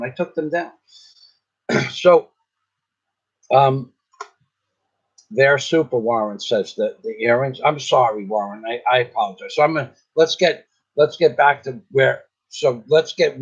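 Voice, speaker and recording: A man's voice: medium pitch, husky. Rambling indignant man, dull lo-fi audio. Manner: rambling, indignant, with frequent restarts. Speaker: vlogger. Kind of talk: casual storytelling vlog. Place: in the Philippines.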